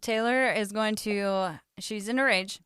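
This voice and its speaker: A woman playing a tabletop game talks casually about her moves. Her voice is very smooth and resonant, recorded dry and close. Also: mid-range voice, a little slow, fairly bright tone, dry recording. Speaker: player.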